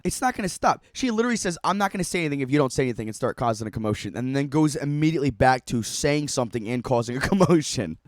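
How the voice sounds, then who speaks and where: A man's voice: mid-range voice, lively intonation, very fast, hardly any pauses, dry recording. Man swearing through a mocking reaction. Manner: profane, laughing, mocking running commentary. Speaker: streamer reacting to a video. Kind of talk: casual reaction commentary.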